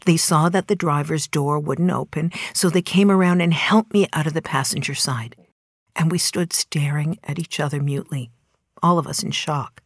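A middle-aged woman telling a personal story in a measured way, dropping to a hushed near-whisper at tense moments. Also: deep voice, fairly even intonation, no echo, studio quality.

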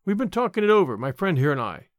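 Casting: a man as a calculating army major, cool and clipped, bright high voice. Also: sing-song, fast talker, dry recording, clean studio sound. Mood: guarded. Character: scheming army major, greedy and guarded. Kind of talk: audiobook character reading.

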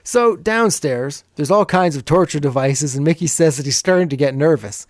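A man's voice: a little high, animated, fairly quick, no echo, studio quality. A man hosting a podcast, casually recapping an old TV episode and chuckling as he retells the scenes.

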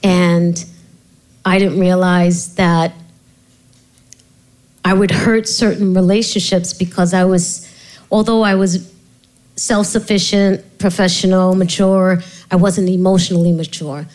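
A woman's voice: on the low side, measured pace, long pauses, poor audio. A middle-aged woman, an author and guest, telling her life story in an interview with many restarts. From Puerto Rico heritage. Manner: animated storyteller, laughs often, many restarts. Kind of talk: candid interview conversation.

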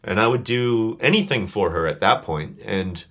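A man's voice: on the low side, lively intonation, moderate pace, a bit bright. A man telling a personal story as a podcast guest, earnest and a little choked up. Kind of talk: casual chat, personal storytelling.

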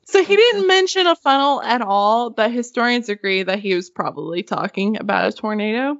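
A woman's voice: fairly high pitch, animated, normal speed, highs cut off. A woman hosting a podcast in casual chat, chatty and giggly, swearing casually. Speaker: podcast host.

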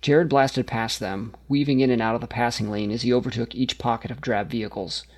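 A man's voice: medium pitch, fairly even intonation, brisk. A man reading a satirical story aloud, narrating steadily and lifting his voice for the characters' dialogue.

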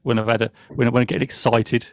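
A man's voice: mid-range voice, little pitch movement, fast, no echo, studio quality. A man hosting a casual live podcast, giddy and rambling, talking over his co-hosts after some wine. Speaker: podcast host.

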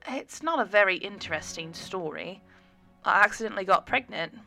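A woman's voice: medium pitch, expressive, moderate pace, vocal fry, bright, forceful tone, soft background music. A woman voicing a young pregnant woman who talks with a dry, sarcastic edge. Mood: wry. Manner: teasing, sarcastic delivery.

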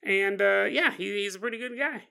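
Guy putting on a chill old watch-shop man, folksy, bright voice. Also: sits high, normal speed, vocal fry, heavily acted. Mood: calm, amused. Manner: calm, folksy, self-mocking. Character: calm, jokey old male watch-shop owner.

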